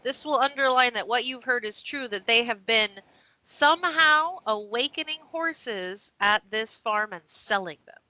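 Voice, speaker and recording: Bright-voiced woman game master. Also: on the high side, measured pace, poor audio. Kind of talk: narrating and explaining rules in a tabletop game.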